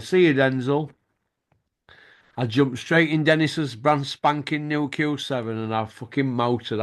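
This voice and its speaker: A middle-aged man, hosting a boxing show and telling stories in casual chat, swearing freely and laughing as he goes. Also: on the high side.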